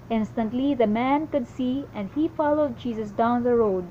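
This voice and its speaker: A woman reads the Bible aloud in a steady devotional manner, now and then stumbling and restarting a word. Her voice sits a little high but sounds warm and mellow. The recording is slightly dull, with a faint hiss behind her. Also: normal speed, hardly any pauses. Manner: steady reading with small slips and restarts. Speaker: Bible reader. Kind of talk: devotional scripture reading.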